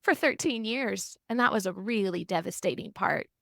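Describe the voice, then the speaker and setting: Animated gravelly woman therapist. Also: medium pitch, moderate pace, no echo, clean studio sound. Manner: animated storytelling, acts out quotes. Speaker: family and marriage therapist, guest. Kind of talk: podcast interview.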